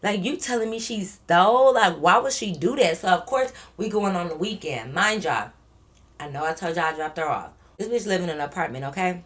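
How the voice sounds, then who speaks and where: A young woman, telling a storytime vlog in slangy, animated talk, acting out what people said. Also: lowish voice, brisk. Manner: animated, slangy storytelling with acted-out quotes and swearing. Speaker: vlogger.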